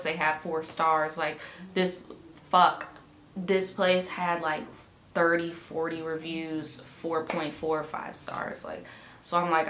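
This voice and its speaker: A young woman telling a vlog storytime, swearing and acting out both sides of a conversation, with a swollen, aching jaw. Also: lowish voice. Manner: exasperated, profane, animated retelling with quoted dialogue. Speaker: vlogger. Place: indoor room, at home. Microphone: camera mic. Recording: echoey room, faint ambient noise.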